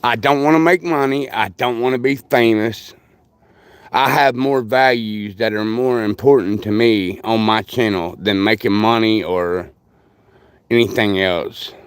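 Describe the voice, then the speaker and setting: A man's voice: lowish voice, a little slow, clean tone, no room sound. An older man, rambling through folksy stories while chatting with viewers on a livestream. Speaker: livestream host. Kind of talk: casual live chat with viewers.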